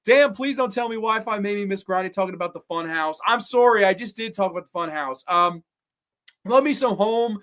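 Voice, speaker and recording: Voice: mid-range voice, expressive, brisk, a bit bright. A podcast host chatting casually on a livestream, blunt and profane, rambling through opinions and answering viewers. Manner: rambling, with frequent restarts and trailing asides. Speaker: podcast host ranking horror films.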